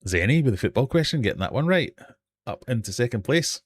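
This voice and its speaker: A man's voice: mid-range voice, big pitch swings, fast, husky. A man with a British accent hosting a live-stream quiz from his fish room, reading questions and joking with the chat. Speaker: quiz host.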